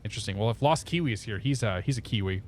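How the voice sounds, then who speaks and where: A man's voice: fairly low pitch, expressive, racing. A man chatting casually on a live stream, laughing often and talking through his cockpit steps. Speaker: flight sim streamer.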